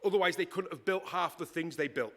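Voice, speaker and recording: A man preaching a sermon in a conversational, emphatic way, with dramatic pauses. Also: sits high, fairly bright tone.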